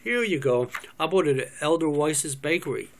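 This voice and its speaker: A prim, controlling mother, read by a man who gives orders in a brisk, bossy way. It is a cold reading from a script, so the delivery stays close to a plain speaking voice. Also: fairly high pitch, animated, a little hiss or hum.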